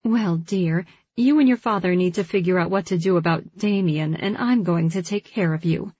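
A fretful, protective mother, read by a woman narrator in a storybook reading. The voice is husky and dry-sounding. The recording is slightly dull. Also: on the low side, normal speed, darkish tone, no room sound. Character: worried middle-aged mother, protective.

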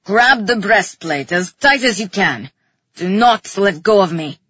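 A woman's voice: deep voice, animated, moderate pace, breathy edge, no room sound, muffled recording, pitched below the performer's own voice. A woman doing a stern armored warrior man. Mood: commanding. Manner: stern, urgent orders. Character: commanding armored male warrior.

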